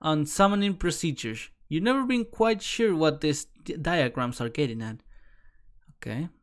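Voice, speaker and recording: A man's voice: fairly high pitch, lively intonation, normal speed. A man streaming as he reads a webcomic aloud in a casual way, tripping over words, restarting, laughing and swearing as he goes.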